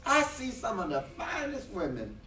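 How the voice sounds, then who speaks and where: A man preaching a sermon to a congregation, joking and then rising to shouts. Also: high-pitched, wildly swooping pitch, normal speed, reverberant, distant mic. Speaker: minister. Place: large hall with live congregation. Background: congregation responding.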